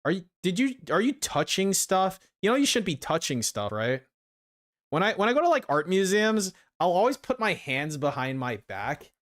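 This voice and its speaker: A man's voice: sits high, sing-song, normal speed, a bit bright. Crude sarcastic male streamer. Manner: crude, sarcastic, swears a lot. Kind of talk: casual stream commentary reacting to videos.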